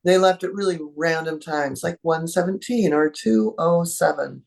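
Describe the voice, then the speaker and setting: A woman guest in an interview, an animal communicator talking in a lively way and acting out what animals think. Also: on the low side, moderate pace, vocal fry. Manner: animated, acts out animal thoughts in voices. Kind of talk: conversational interview.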